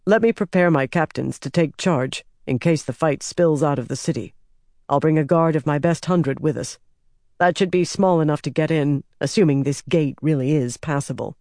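A composed, stern general who speaks in a steady, measured way with a quiet wry edge, read by a man narrating an audiobook. The sound is dry and close. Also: a little high, no room sound, lightly acted.

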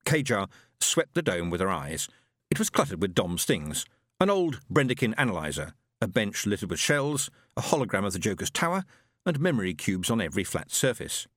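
A man reading an audiobook in a measured storytelling voice. His pitch moves strongly up and down, and the close, dry recording has no room sound. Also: no echo. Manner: measured storytelling with lively inflection. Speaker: narrator. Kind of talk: audiobook narration.

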